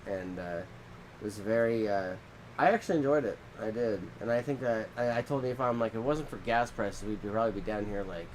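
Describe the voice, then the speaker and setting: A man co-hosting a casual podcast, telling rambling stories with a minor head cold and acting out quotes in squeaky voices. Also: brisk, a little hiss or hum. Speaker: podcast co-host. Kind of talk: casual chat.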